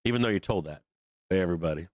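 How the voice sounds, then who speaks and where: A man's voice: low-pitched, racing, dry recording. Profane, rambling male stream host. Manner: profane, rambling, laughs often. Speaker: livestream host. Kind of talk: casual rant on a live show.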